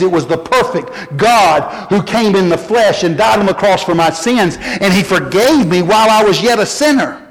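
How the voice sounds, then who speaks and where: A preacher man delivers a folksy sermon with a fairly high voice that climbs when he presses a point. His words ring out with a long reverb, as if heard across a church hall. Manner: folksy, animated preaching with rising emphasis. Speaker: pastor.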